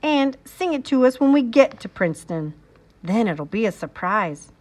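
A woman voicing a calm, patient father in a read-aloud storybook, speaking gently. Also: a little high, moderate pace.

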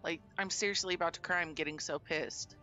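A woman's voice: on the low side, fairly even intonation, a little fast, pushed and bright. A woman streamer fighting with her display settings during a live game stream, swearing and sighing in frustration. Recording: dull lo-fi stream audio with faint music.

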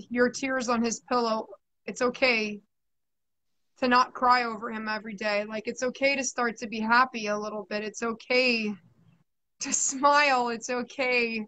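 A woman's voice: on the high side, bright, forceful tone, slight background noise, poor audio. A woman psychic medium giving a live reading, soothing and chatty, often repeating herself.

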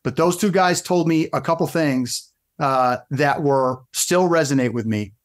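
A middle-aged man, a fitness coach guesting on a podcast, telling stories in an animated way with frequent restarts. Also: on the high side, a little slow. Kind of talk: casual storytelling interview.

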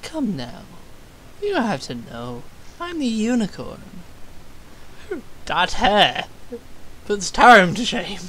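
A teasing, smug male unicorn with a flirty streak, as a woman puts him on while reading a game aloud. The lines come slowly and swing widely in pitch, with a faint hiss behind the voice. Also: sing-song, fairly bright tone, poor audio.

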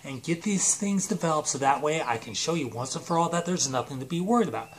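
A man's voice: on the high side, animated, fast, natural voice. A man voicing a cocky, careless young male friend who waves off every worry. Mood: dismissive. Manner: laid-back, dismissive.

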